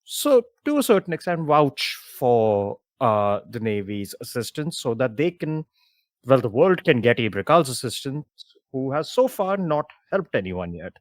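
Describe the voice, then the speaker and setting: Male DM, mid pitch, dry close mic, easygoing recap narration. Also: unhurried, no echo. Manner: relaxed, loose narration with fillers. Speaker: game master. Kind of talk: recapping a tabletop campaign.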